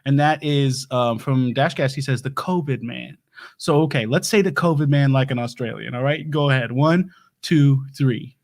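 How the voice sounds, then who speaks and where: A man's voice: medium pitch, moderate pace, darkish tone, natural voice. A man playing a folksy doomsday prep lecturer, hosting a comedy livestream with rambling, stammering talk. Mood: playful. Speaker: show host.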